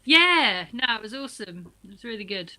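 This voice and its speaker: A woman's voice: fairly high pitch, sing-song, moderate pace, pushed and bright. A woman guest musician chatting casually over an online call, self-mocking. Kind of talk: casual chat.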